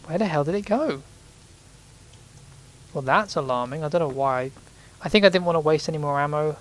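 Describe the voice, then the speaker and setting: A man's voice: fairly high pitch, brisk, poor audio. A man giving casual let's play commentary, chatty and reacting aloud with sudden exclamations as he plays.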